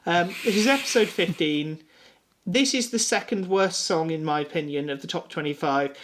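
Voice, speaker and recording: A man from England co-hosts a music podcast, his slightly high voice moving at a moderate pace over background noise. A few drinks in, he chats casually in a loose, rambling way, swearing freely and sounding a little tipsy.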